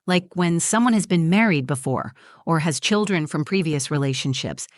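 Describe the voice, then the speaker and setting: A condescending young bride-to-be, read by a woman narrator, talking down to her friend in a preachy, self-satisfied way. Her voice sits fairly low for a woman. It sounds dry and close, with no room around it. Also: animated, moderate pace, dry recording. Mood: smug. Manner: preachy, patronizing.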